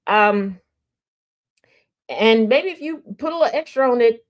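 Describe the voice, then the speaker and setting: Chatty woman host, voice a bit high. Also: lively intonation, measured pace, dull audio. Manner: chatty, teasing, laughs often; talks straight to the audience. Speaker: radio show host. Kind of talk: casual livestream chat.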